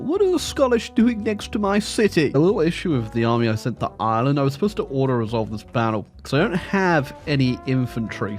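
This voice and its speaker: Wry man joking over a game. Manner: wry, sarcastic jokes with sudden high pitched jumps. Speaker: gaming commentator. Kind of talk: comedic gameplay commentary. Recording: game music faintly behind.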